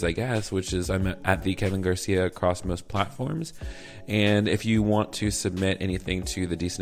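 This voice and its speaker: A man with a Southern US accent hosting a podcast, chatting casually with playful, campy asides. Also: sits low. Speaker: podcast host. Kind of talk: casual podcast chat and outro.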